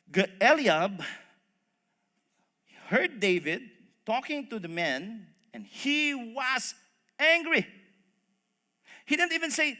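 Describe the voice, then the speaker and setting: A man preaching a sermon, telling a story with animated voices and speaking to the congregation as folks. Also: extremely high pitch, takes it slowly, long pauses. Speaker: pastor. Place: church hall. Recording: long reverb of a church hall.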